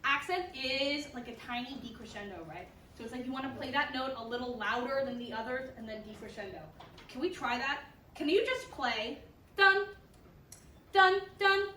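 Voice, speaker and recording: A woman with a high, fairly bright voice coaches a school band in rehearsal, speaking a little fast, encouraging the players and singing their rhythms. Picked up by a distant mic in an echoey room, her voice competes with band instruments and slight background noise.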